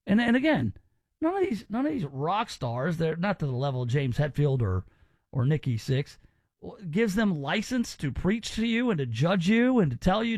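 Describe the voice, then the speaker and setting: A male radio talk host with a fairly high, gravelly voice, recorded dry and close. He talks casually and opinionatedly, chatting with his co-host. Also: a little mellow, no echo.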